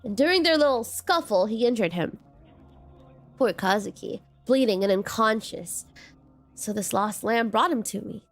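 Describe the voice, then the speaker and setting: Brief: cruel possessing deity, slow and taunting, lower and softer than her own voice, woman performer. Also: expressive, faint music behind. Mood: mocking. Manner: slow, taunting, hushed delivery. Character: sinister possessing deity in a man's body, mocking and cruel.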